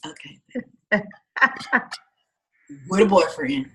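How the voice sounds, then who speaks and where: A woman writing coach telling an animated story to a class, loud one moment and soft the next, acting out the lines she quotes. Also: deep voice, very slow, noisy background. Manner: expressive, swings loud and soft, acts out quotes.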